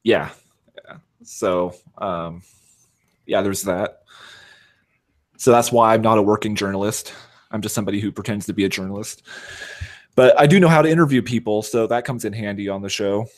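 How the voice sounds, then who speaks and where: Man, lowish voice, casual podcast guest, rambling, self-deprecating, lots of uhs. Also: moderate pace, pauses often. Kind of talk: casual chat.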